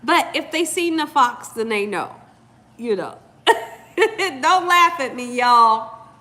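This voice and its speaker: A woman hosting a channel, telling a story in an animated, casual way and talking straight to viewers. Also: high-pitched, slow pace. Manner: animated, addresses viewers as "y'all". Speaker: cooking channel host.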